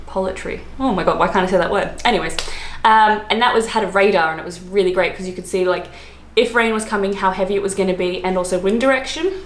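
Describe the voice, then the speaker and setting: A woman from Australia with an Australian accent, chatting casually to camera in a rambling way, laughing often and filling pauses with ums and likes. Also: mid-range voice, reverberant. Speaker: vlogger. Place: room, lived in London.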